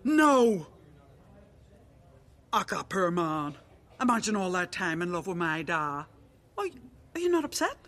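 A woman voicing an excitable, chatty middle-aged woman who laughs easily, in a radio drama. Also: lowish voice, moderate pace, voice pushed down. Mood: excited.

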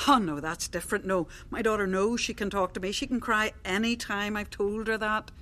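A woman narrating a scripted dramatic monologue in a confiding, lively storyteller manner. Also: medium pitch, fairly quick, hardly any pauses.

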